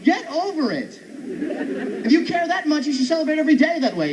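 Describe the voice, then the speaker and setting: A man doing a stand-up routine on an outdoor stage, animated and chatty with the crowd. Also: extremely high pitch, a little fast. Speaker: stand-up comedian. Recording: muffled live recording with background noise.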